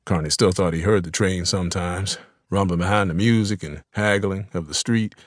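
Man, audiobook narrator, low voice, dry close sound, measured scripted reading. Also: fairly even intonation, dry recording.

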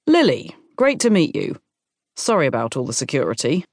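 A woman's voice: low voice, lively intonation, normal speed, no echo, studio quality. A woman voicing a nervous, tender man in his forties who talks earnestly and apologetically. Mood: welcoming.

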